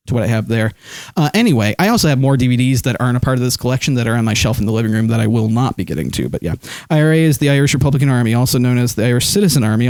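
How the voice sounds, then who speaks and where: A man's voice: medium pitch, a little mellow, dry recording, clean studio sound. Rambling man chatting on a live stream. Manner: rambling, reads chat aloud, many fillers. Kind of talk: casual live-stream chat. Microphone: desk microphone.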